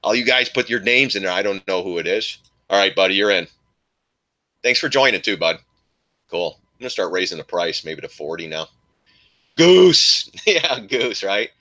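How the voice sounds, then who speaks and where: A man's voice: low-pitched, fairly quick, bright, forceful tone. A man hosting a casual live stream, rambling and laughing as he rants and chats with viewers.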